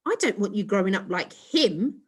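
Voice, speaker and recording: A woman's voice: mid-range voice, sing-song, moderate pace, husky. A woman voicing a firm, fussy mother in a children's storybook. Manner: firm, scolding.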